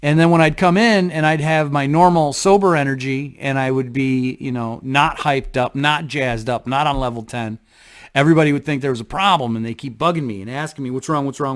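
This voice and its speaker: A man talking to camera in a casual vlog, reflective and halting, often restarting his sentences. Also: mid-range voice. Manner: halting, thoughtful, frequent restarts. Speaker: vlogger.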